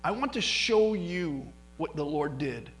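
A middle-aged male pastor telling a personal story in a sermon, animated, with many restarts. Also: on the high side, measured pace, slight background noise, rough recording. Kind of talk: sermon testimony.

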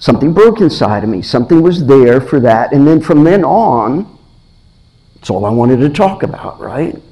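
Middle-aged male preacher, earnest and searching, mid-pitched voice, restarts phrases as he presses each question. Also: big pitch swings, moderate pace, mellow, low-quality recording. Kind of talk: sermon.

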